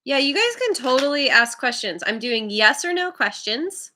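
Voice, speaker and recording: A woman runs a live tarot reading stream, chatting casually with viewers, laughing a lot and sounding encouraging. Her high, sing-song voice is pushed and bright at a normal speed, and she stumbles over viewers' names.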